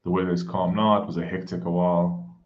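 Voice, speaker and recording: A man's voice: deep voice, level tone, a little fast, muffled recording. A man from Africa, hosting a casual live stream from home, greeting viewers by name and keeping his voice down. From South Africa. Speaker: livestream host. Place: home room.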